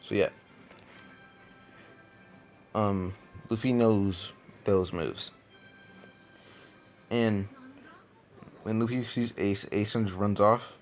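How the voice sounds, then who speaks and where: Rambling man with a lowish voice. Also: fairly even intonation, very slow, pauses often, soft background music. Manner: rambling, many repeated words and fillers. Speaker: fan storyteller. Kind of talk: casual storytelling.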